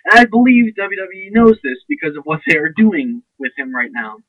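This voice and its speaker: A man's voice: high voice, a little fast, phone-quality sound, slight background noise. A young man ranting to camera in a blunt, sarcastic, profane and rambling way. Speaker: vlogger. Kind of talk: casual ranting monologue.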